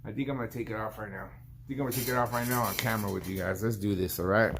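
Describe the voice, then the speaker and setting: A man's voice: on the low side, steady tone, racing, noisy background. A man in his fifties, a barber hosting his own vlog, telling a shop story in a rambling, casual way and acting out his client's lines. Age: 50s.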